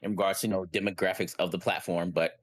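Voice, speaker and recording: A man co-hosting a casual podcast chat, laid-back and measured as he gives his view. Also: deep voice, little pitch movement. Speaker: podcast co-host.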